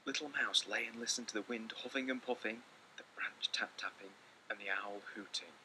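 A man reading a children's picture book aloud with lots of expression, often dropping into hushed whispers. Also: on the low side, moderate pace, slight background noise, low-quality recording. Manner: theatrical, slipping into hushed whispers. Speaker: storyteller.

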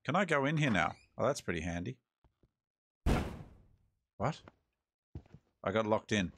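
Australian male gaming host, lowish voice, relaxed wisecracking let's-play commentary. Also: a little slow, noisy background. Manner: laid-back, joking, talks to himself.

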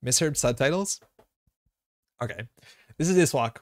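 A man's voice: mid-range voice, expressive, unhurried, no echo. A man from North America streaming a card game live, chatting casually with viewers in a rambling way, full of fillers and self-corrections.

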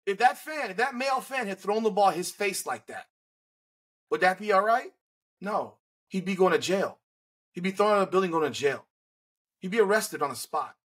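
Man, high husky voice, blunt heated sports opinions, casual podcast talk. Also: animated, moderate pace, pauses often, fairly bright tone. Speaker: podcast host.

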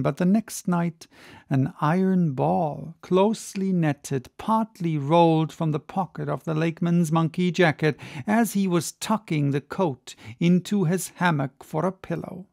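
An audiobook reader narrating a classic sea story with measured, dramatic storytelling. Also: medium pitch, gravelly, darkish tone, no room sound, studio quality. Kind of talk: audiobook reading.

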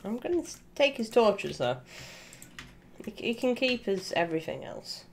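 A woman co-hosting a game stream, chatting casually, excitable and quick to laugh and swear. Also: on the high side, gravelly, a little hiss or hum. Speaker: co-host gaming streamer. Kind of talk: casual gameplay banter.

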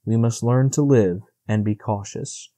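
Guy reading an audiobook doing a wise old stag, grave, gently bossy, mellow voice. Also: on the low side, a little slow, dry recording.

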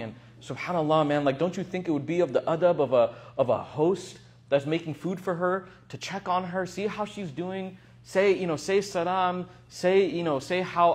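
A man voicing a sly male tempter devil who talks in a smooth, friendly, wheedling way. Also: on the high side, close to an everyday voice.

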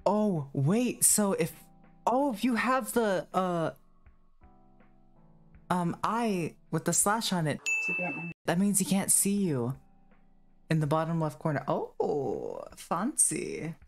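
A man's voice: high voice, sing-song, slow, long pauses, soft background music. A man streaming a horror game, chatting in a rambling, self-mocking way and breaking into screams and laughter when scared. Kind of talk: live game commentary.

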